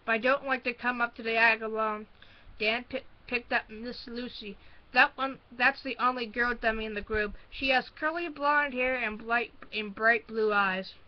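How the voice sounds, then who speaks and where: Woman reading a kids' horror book aloud, stumbling reads, higher voice, muffled lo-fi audio. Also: fairly even intonation. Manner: halting reading with frequent restarts. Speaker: storybook reader. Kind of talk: first-person read-aloud of a horror book.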